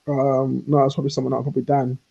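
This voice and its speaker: A man's voice: mid-range voice, completely flat delivery, quick pace, vocal fry, dark tone, breathy edge. A man on a live stream, ranting heatedly, laughing often and acting out quoted exchanges. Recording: lo-fi online stream audio.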